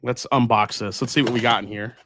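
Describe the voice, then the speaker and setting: A man's voice: mid-range voice, fairly even intonation, brisk, background noise. A man hosting a casual live stream, unboxing bottles and answering chat as he thinks aloud with fillers and restarts.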